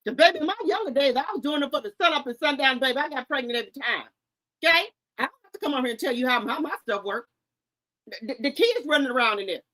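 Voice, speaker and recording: A woman's voice: high-pitched, lively intonation, fast talker, fairly bright tone. A woman in her fifties ranting to camera, rambling and hollering, tagging on "okay?" and "baby". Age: 50s.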